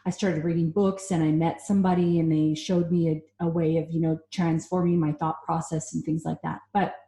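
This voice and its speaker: A woman in her thirties hosting a podcast, asking thoughtful, measured questions in casual interview chat. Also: sits low, flat delivery, mellow, roomy sound. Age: 30s. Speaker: podcast host.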